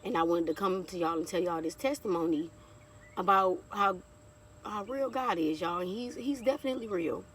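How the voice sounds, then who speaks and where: A woman's voice: lowish voice, normal speed, fairly bright tone, distant mic, slight background noise. A woman in her thirties sharing a heartfelt personal testimony in a casual vlog, talking straight to her viewers and calling them y'all. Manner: heartfelt, chatty, keeps addressing viewers as y'all. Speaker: vlogger.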